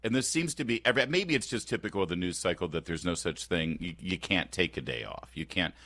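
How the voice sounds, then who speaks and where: Bright-voiced man hosting talk radio. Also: low-pitched, fast, no room sound. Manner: animated, sarcastic, frequent restarts. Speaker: radio talk show host. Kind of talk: casual opinionated talk radio chat. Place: radio studio. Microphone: close studio microphone.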